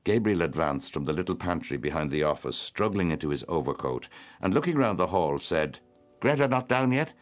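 A man with a very low voice narrates classic fiction as an audiobook. His reading is measured yet highly animated, swinging through a wide range. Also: faint music behind. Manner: expressive, measured storytelling.

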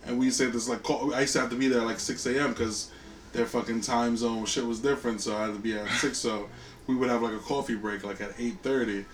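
A man co-hosting a podcast, telling a job story in relaxed casual chat with laughs. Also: medium pitch, fast talker, reverberant, recorded from a distance, a little hiss or hum. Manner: laid-back storytelling, laughs. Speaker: podcast co-host.

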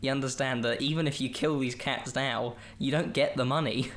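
A man's voice: mid-range voice, steady tone, normal speed, fairly bright tone. Joking, rambling man hosting a podcast. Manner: rambling, jokey, self-amused. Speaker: podcast host. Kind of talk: casual film review chat.

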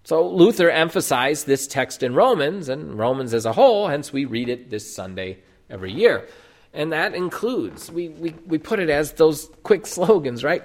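A man's voice: a little high, lively intonation, normal speed. A man preaching a sermon as a Lutheran pastor, explaining doctrine emphatically and posing rhetorical questions to the congregation.

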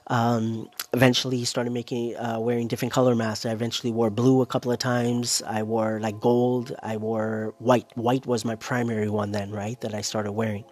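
A man's voice: medium pitch, flat delivery, normal speed, few pauses, darkish tone. Rambling man, a bit out of breath. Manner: rambling, keeps adding "right?" and "you know". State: a little short of breath. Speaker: content creator. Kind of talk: casual solo monologue.

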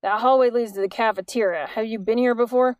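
A woman's voice: fairly high pitch, fairly even intonation, quick pace, smooth, no room sound, lo-fi sound, natural voice. A woman voicing a suspicious middle-aged man at a hospital front desk who asks curt, probing questions.

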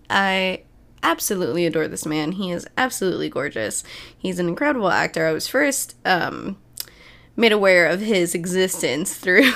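A young woman hosting a casual entertainment news podcast, chatty and quick to laugh, swearing freely as she rambles. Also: mid-range voice. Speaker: podcast host. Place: Chicago.

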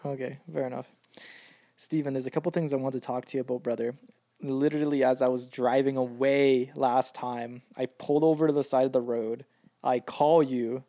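A man co-hosting a podcast, telling animated stories in casual chat and swearing freely. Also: medium pitch, moderate pace, dry recording. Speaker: podcast co-host.

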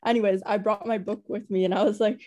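A woman's voice: medium pitch, fairly even intonation, quick pace, mellow, muffled recording. A young woman co-hosting a podcast in casual chat, rambling and gushing with lots of "like". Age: young adult. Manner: rambling and gushing, heavy use of "like". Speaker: podcast co-host.

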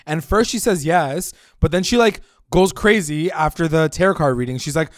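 A man's voice: on the high side, moderate pace, no room sound. Chatty man recapping a show, dry sound. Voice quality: animated, swears freely, acts out lines when retelling. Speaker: podcast co-host recapping a show. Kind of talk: casual chat.

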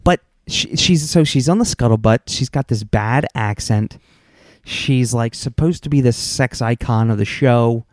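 A man's voice: medium pitch, no room sound, studio quality. A man co-hosting a casual movie review podcast, rambling and restarting his sentences. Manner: rambling, halting, many restarts.

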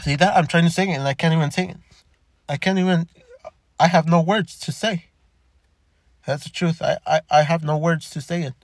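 A young man talking candidly in a halting way, with many stammered restarts. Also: a little high, no echo. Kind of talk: personal reflective monologue.

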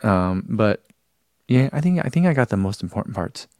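A man's voice: on the low side, big pitch swings, moderate pace, mellow, dry recording, clean studio sound. A man hosting a running live stream, chatting casually, reading out viewer comments and rambling with self-deprecating laughs.

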